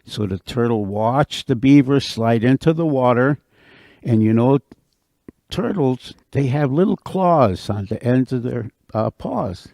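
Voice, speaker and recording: A man telling a folktale aloud to an audience at a senior center, with animated, expressive delivery. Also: medium pitch, measured pace, gravelly, no echo, studio quality. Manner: animated, expressive, repeats for effect. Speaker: storyteller. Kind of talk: oral folktale storytelling.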